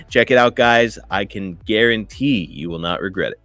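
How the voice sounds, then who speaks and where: A man's voice: fairly low pitch, moderate pace, few pauses, a bit bright, dry recording. A man in his thirties co-hosting a podcast, chatting casually and enthusiastically. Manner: casual, enthusiastic, uses "dude" and "guys". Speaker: podcast co-host. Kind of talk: podcast ad read and interview.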